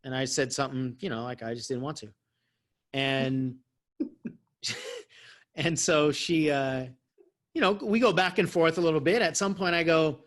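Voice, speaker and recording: Chatty man coach, slightly high. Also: lively intonation, measured pace, pauses often, a bit bright. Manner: chatty, self-mocking, laughs often. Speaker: life coach host. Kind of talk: casual storytelling chat.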